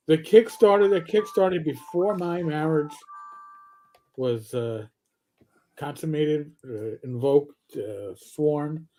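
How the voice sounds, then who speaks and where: Older male host, casual stream chat, rambling, profane, jokey. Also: on the high side. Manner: profane, rambling, animated joker.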